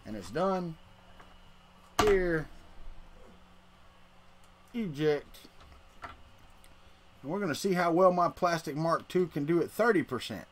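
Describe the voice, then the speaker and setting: A man's voice: a little high, animated, slow, pauses often. A middle-aged man, hosting a casual livestream and rambling to his chat while he tinkers. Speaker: livestream host.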